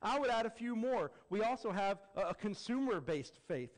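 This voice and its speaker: Male pastor, sermon, fairly high voice, swings from emphatic to low and quiet. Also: animated, normal speed. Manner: rising to emphatic peaks, then dropping low and quiet; acts out quoted voices with jokey flair.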